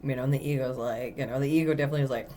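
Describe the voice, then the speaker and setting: A low-pitched woman talks through a personal story in a casual spiritual monologue, earnest and emphatic, with plenty of fillers and restarts. A faint hiss of noise sits under her voice. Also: fairly even intonation, very fast, warm tone. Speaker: tarot reader.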